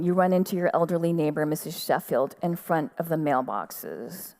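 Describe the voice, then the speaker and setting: A woman giving a measured, quiet literary reading of her own fiction at an outdoor festival stage. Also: low-pitched.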